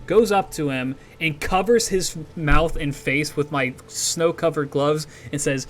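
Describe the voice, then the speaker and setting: A man's voice: a little high, unhurried, few pauses, slight background noise. A man streaming a game while telling a story in a rambling, profane way, full of restarts. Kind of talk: casual storytelling while gaming.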